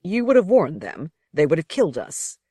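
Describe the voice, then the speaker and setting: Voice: medium pitch, big pitch swings, normal speed, husky, no room sound, studio quality. A reader voicing a stern noble man who leads a band of men, speaking sharply and with suspicion. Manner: sharp, demanding. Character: stern suspicious young male noble leader.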